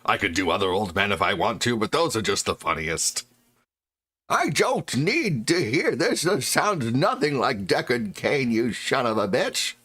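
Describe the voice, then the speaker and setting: A man voicing a rambling old man with a drawn-out, slow delivery. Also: medium pitch, very animated, pushed and bright, exaggerated voice.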